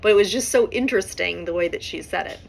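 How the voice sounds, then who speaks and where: A woman hosting a podcast, talking through relationship advice in a relaxed, conversational way and often checking in with "right?". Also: lowish voice, fast talker, creaky, slight background noise. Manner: conversational, frequent "right?" tag questions. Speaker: podcast host and therapist. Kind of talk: casual advice monologue.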